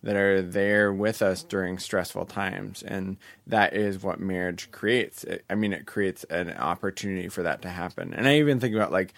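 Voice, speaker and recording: Gravelly, low-voiced man podcast host. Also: normal speed, few pauses, fairly bright tone, no echo. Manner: earnest, laid-back, prone to giggling. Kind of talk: casual chat.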